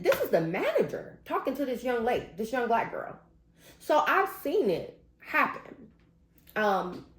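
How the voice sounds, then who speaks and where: A grown woman talking straight to her viewers, venting in emphatic casual commentary. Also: lowish voice. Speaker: vlogger. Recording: roomy echo.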